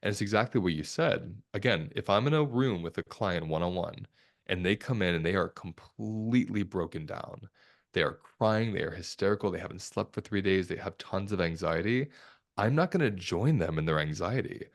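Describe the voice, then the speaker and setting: A man, a somatic therapist, talking as a guest in a podcast interview in a calm, reflective, measured way. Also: sits low. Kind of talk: conversational interview talk.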